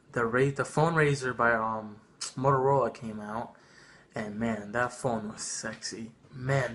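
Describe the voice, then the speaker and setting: A young man telling a funny childhood story in a casual vlog, animated and swearing freely. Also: mid-range voice. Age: young adult. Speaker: vlogger.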